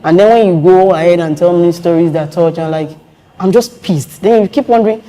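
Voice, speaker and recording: A woman's voice: lowish voice, a little fast. A woman telling stories in a casual conversation, acting out the voices she quotes. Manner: animated storytelling, acts out quoted voices.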